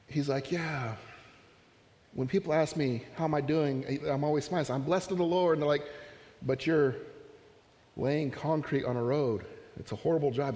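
Man, pastor, relaxed storytelling sermon, slightly higher voice, reverberant church sound. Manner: conversational, storytelling with asides and humor.

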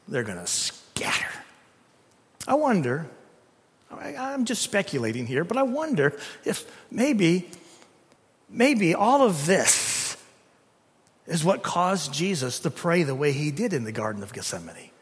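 A man preaching a sermon in a church, dramatic, swinging from loud emphasis to hushed tones. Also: medium pitch, lively intonation, measured pace, pauses often. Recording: long reverb of a hall.

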